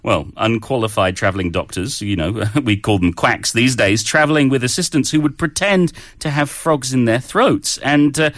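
Guy co-host, relaxed, mid voice, jokey, dry close sound. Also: mid-range voice, normal speed, hardly any pauses, dry recording. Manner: easygoing, joking, storytelling. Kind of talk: casual chat explaining English idioms.

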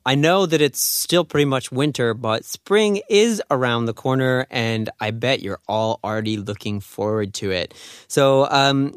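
A man's voice: mid-range voice, clean tone, no echo, clean studio sound. A man hosting a radio language lesson in an upbeat, casual, chatty way. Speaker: radio host and Korean teacher. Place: radio studio.

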